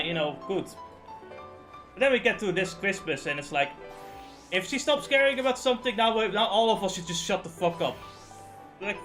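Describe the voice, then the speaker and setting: Young streamer, male, tense bright delivery, sweary rant that drops to mumbles. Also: high-pitched. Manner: profane, ranting, swings from loud to muttering. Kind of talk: casual venting on a game stream.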